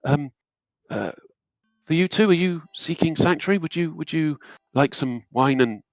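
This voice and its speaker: Timid young temple acolyte, stammering and apologetic, a bit higher than normal, as a game master puts him on. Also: male voice, normal speed, no echo, lo-fi sound, lightly acted. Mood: nervous. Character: nervous young male acolyte.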